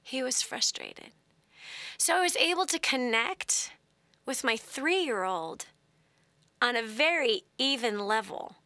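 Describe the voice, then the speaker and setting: A woman hosting a call-in advice show tells her stories with animation, laughs often and acts out the voices in them. Her voice sits high and bright. The sound is close and dry. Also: expressive, slow, no echo. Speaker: host. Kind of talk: radio call-in advice talk.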